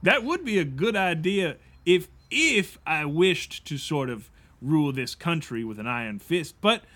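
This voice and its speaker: A man's voice: on the high side, big pitch swings, measured pace, sharp tone, exaggerated voice. An improv performer playing a folksy, bumbling young Nebraska farm boy who stammers and rambles in a put-on rural Midwestern accent. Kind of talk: improvised comedy role-play.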